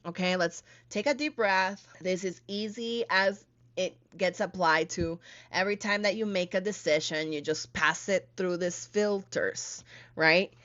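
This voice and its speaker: A woman hosting a solo talk on planning events, teaching in an animated, emphatic way with playful asides. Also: fairly low pitch, measured pace, dull audio. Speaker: podcast host and event coach.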